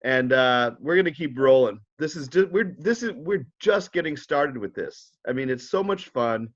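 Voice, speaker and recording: A man's voice: mid-range voice, animated, moderate pace, dull audio. A man co-hosting a casual chat show, teasing and ribbing his friend. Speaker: co-host.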